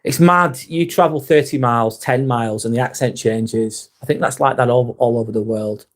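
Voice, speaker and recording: With a medium-pitched voice at a normal speed, a northwest English man with a Lancashire accent runs a casual live stream. Candid and blunt, he swears occasionally and reads his viewers' comments out loud.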